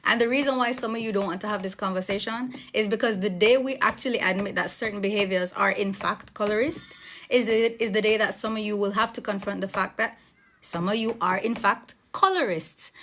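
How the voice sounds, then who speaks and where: A woman's voice: medium pitch, fairly bright tone, slight background noise. Woman lecturing viewers directly. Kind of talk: opinion monologue to camera.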